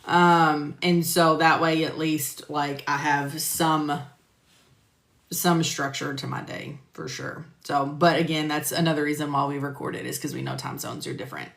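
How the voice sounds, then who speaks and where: A woman's voice: low-pitched, fairly even intonation, moderate pace, gravelly, fairly bright tone. A woman teaching medical coding, chatting casually on a live stream and answering viewers by name with lots of fillers. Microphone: phone or computer mic on a live stream. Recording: roomy echo.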